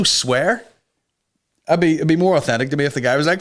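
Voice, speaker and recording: A man's voice: on the high side, brisk, fairly bright tone. A man hosting a comedy podcast, ranting casually with lots of swearing and rambling asides. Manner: sweary, rambling, slips into mock voices. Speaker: podcast host.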